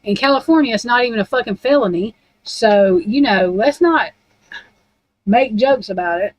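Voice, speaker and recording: A woman's voice: a little high, normal speed, dry recording, rough recording. A woman in a casual, rambling rant about true crime, blunt and heavy on profanity.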